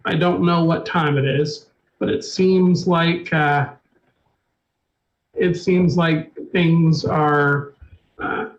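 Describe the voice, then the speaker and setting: A man's voice: fairly high pitch, fairly even intonation, very slow, pauses often. A man playing a curt, hard-bitten woman. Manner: terse and gruff. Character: tough wounded woman, curt and driven. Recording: dull lo-fi stream audio.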